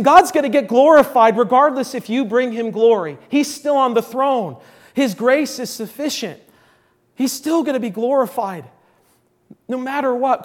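A man preaching a sermon to a congregation in a church, emphatic, repeating key phrases and swinging between loud declarations and hushed asides. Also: very high-pitched.

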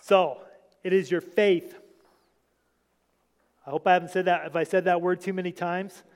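A man's voice: high voice, fairly even intonation, normal speed, clear, resonant tone. A man preaching an informal sermon, talking to his congregation with many restarts and asides. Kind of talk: informal sermon reading scripture. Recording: long hall reverb.

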